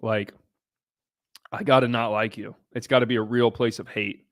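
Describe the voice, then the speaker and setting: A man hosting a casual livestream Q&A, talking bluntly with frequent swearing and bursts of excitement. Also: medium pitch, normal speed. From United States (Ohio). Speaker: livestream host.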